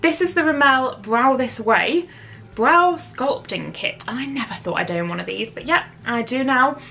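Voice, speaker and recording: A woman's voice: high voice, expressive, moderate pace, gravelly, bright, forceful tone. A woman chatting casually to camera about beauty favourites at home, giggling often and poking fun at herself. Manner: chatty, giggly, self-deprecating. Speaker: beauty vlogger. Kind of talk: casual product chat to camera. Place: at home, seated indoors.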